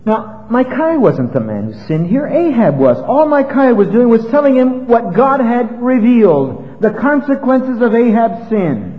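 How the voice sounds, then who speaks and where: A man preaching an expository sermon, retelling a Bible story in a conversational, animated way. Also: extremely high pitch, a little slow, hardly any pauses. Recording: dull lo-fi with long reverb.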